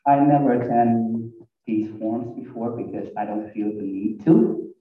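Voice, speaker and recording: A man speaking as a parent at a community school forum, in slow, halting, earnest public comment. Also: medium pitch. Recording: echoey hall, distant tinny mic.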